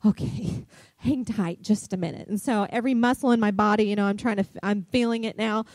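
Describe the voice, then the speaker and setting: A middle-aged woman pastor, preaching a sermon and telling a chatty, animated story full of fillers. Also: medium pitch, a little fast, dry recording.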